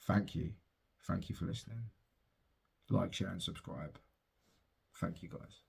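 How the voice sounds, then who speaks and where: A man's voice: deep voice, fairly even intonation, unhurried, vocal fry, a little mellow, slightly rough. A young father casually telling a heartfelt personal story and swearing freely. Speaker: father and podcast host.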